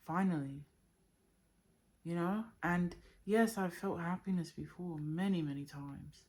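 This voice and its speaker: A woman speaking in a heartfelt, unscripted monologue, emotional and halting as she searches for words about her inner journey. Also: on the low side, darkish tone. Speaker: spiritual vlogger.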